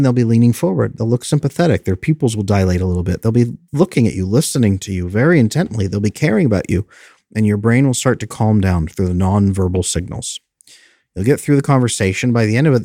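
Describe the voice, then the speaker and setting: A man's voice: fairly low pitch, animated, a little fast, darkish tone, no echo, clean studio sound. A man who is an attachment specialist, explaining in an earnest, coaching way and briefly mimicking anxious inner voices.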